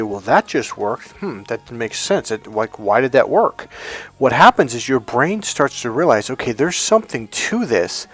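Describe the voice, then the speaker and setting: A middle-aged dating coach speaks straight to camera, giving men blunt advice with lots of swearing and imitating the voices of people he quotes. His voice is mid-range with a fairly bright tone.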